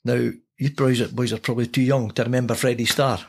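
An older man with a Scottish accent, a podcast guest telling an animated, profane anecdote with frequent laughter. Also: mid-range voice, quick pace. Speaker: podcast guest, former player. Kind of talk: casual storytelling.

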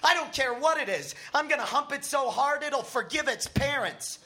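A man voicing a crude, excited male punk rocker who talks loud and brash. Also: high-pitched, moderate pace, heavy background noise, voice pushed up. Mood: brash eager.

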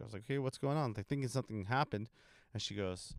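A young man from California who serves in a church ministry, telling a testimony in a relaxed, rambling way with many ums. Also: fairly low pitch, fast talker, gravelly, dry recording, studio quality. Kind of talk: casual testimony talk.

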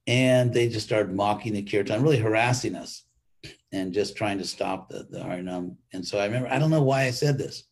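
A man's voice: on the low side, fairly quick. An older man, a monk, giving an informal weekly class in a rambling, conversational way with frequent restarts.

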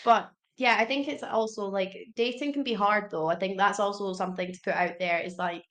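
A woman's voice: mid-range voice, steady tone, brisk, fairly bright tone. A young woman as a podcast guest in casual chat, chatty and full of fillers, laughing easily.

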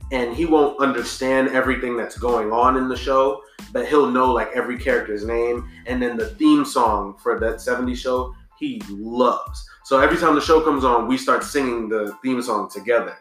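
A man co-hosting a podcast in casual chat, telling relaxed, slangy stories that often trail off and restart. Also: mid-range voice, normal speed, reverberant, faint music behind. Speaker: podcast co-host.

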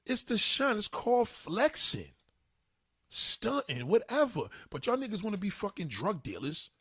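A man's voice: high voice, big pitch swings, moderate pace, sharp tone, slightly rough, dry recording, clean studio sound. A man ranting casually and profanely to his viewers, acting out both sides of conversations. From New York. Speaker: commentator.

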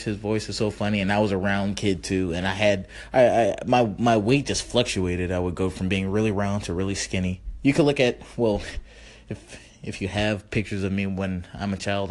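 A man hosting his own podcast, rambling and self-mocking with profanity, a little tipsy. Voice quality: slightly high, funny-sounding voice. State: slightly tipsy from drinks. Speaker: podcast host. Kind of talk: casual solo podcast monologue.

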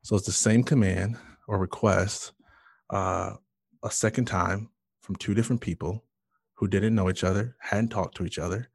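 A man with a fairly low voice tells his story earnestly, full of fillers and false starts. The sound is dry and close, with no room around it. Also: fairly even intonation, moderate pace, creaky, husky, no room sound. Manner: earnest, emotional storytelling with many fillers and restarts. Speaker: guest sharing his testimony. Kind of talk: personal testimony in conversation.

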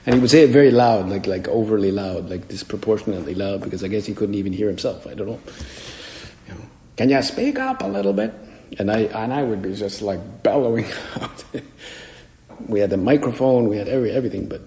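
A man's voice: on the low side, fast talker, mellow. A man, a priest, preaching a homily in a conversational way and acting out the voices he quotes. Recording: echoey hall with long reverb.

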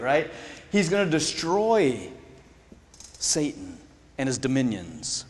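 A man preaching a sermon in an animated way, laughing often and acting out the people in his stories. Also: on the high side, unhurried, pauses often, in a large hall, a little hiss or hum. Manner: animated, laughing, acts out voices in quotes.

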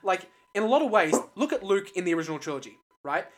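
Australian guy, slightly higher voice, rambly film-talk co-host who restarts his sentences a lot. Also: big pitch swings, quick pace, fairly bright tone. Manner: rambling, many restarts and fillers. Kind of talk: casual film discussion.

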